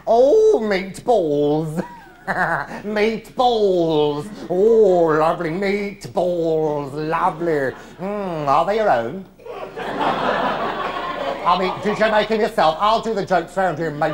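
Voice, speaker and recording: A man's voice: a little high, natural voice. Man impersonating a camp, drawling comedian. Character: camp nasal older male comedian, arch, gossipy. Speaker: stage performer in one-man show. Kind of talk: live stage impression. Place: large theatre, live audience.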